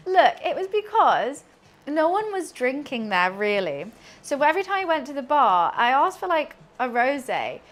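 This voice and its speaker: A young British woman streaming from her kitchen while she cooks, telling rambling, excitable stories and laughing often. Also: high-pitched, unhurried. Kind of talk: casual chat while cooking on a livestream.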